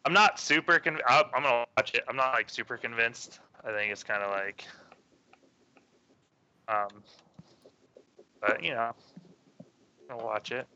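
A man's voice: mid-range voice, unhurried, long pauses, bright, forceful tone, lo-fi sound. A man co-hosting a casual podcast chat, hesitant and noncommittal. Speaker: podcast co-host.

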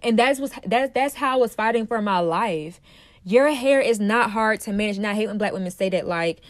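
A woman's voice: medium pitch, normal speed, no room sound, clean studio sound. A woman hosting her own podcast, talking in a casual, passionate way and repeating phrases for emphasis. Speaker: podcast host. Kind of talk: casual motivational podcast monologue.

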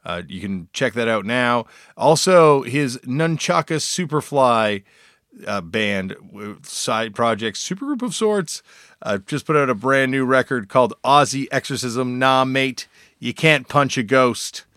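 A man's voice: mid-range voice, lively intonation, measured pace, fairly bright tone, no room sound, clean studio sound. A man hosting a podcast, giving a casual, enthusiastic intro full of fillers and restarts. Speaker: podcast host.

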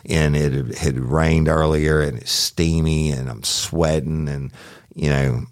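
A man's voice: rumbling low, steady tone, takes it slowly, no room sound, studio quality. A man, a former sheriff's deputy, telling a true crime story in a casual, profane, folksy way, talking to listeners as y'all.

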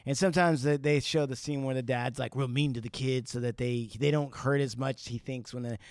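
A man's voice: medium pitch, fairly even intonation, a little fast, a little mellow, clear, resonant tone, no echo, clean studio sound. A man hosting a casual podcast interview, asking curious, probing questions and swearing casually. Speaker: podcast host.

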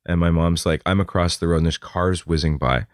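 A man's voice: sits low, fairly even intonation, a little fast, no room sound, studio quality. A man, a comedian guest, telling stories in casual conversation. He acts out voices and laughs often.

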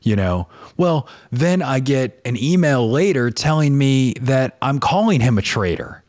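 A man's voice: mid-range voice, a little slow. A man with a New Orleans accent, a podcast guest chatting casually, rambling with many restarts. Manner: rambling, restarts a lot, animated. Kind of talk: casual chat.

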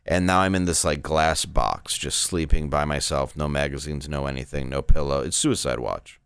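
A man's voice: a bass voice, steady tone, moderate pace, a bit bright, clear, resonant tone, dry recording, clean studio sound. A man in his thirties, a stand-up comedian, telling candid, rambling stories in a casual interview.

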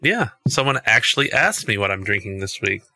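A man's voice: fairly low pitch, sing-song, fairly quick, sharp tone, no echo, studio quality. A man co-hosting a casual podcast, teasing the others with sarcastic quips. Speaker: podcast co-host. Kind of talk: casual chat.

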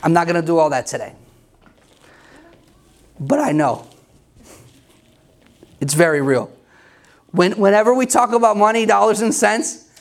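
A man's voice: high-pitched, lively intonation, normal speed, vocal fry, long pauses. A middle-aged male pastor preaching an emphatic, conversational sermon with self-deprecating humor.

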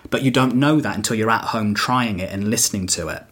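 Husky-voiced man musing on comedy craft. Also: on the low side, fairly quick, fairly bright tone. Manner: reflective, rambling with fillers and restarts. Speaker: stand-up comedian guest. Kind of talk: casual podcast chat.

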